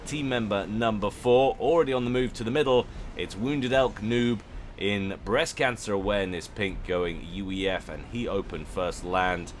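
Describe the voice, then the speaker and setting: Man, game caster, casual commentary, chatty and jokey, slightly low voice, faint noise behind. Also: normal speed. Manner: chatty, jokey, self-correcting.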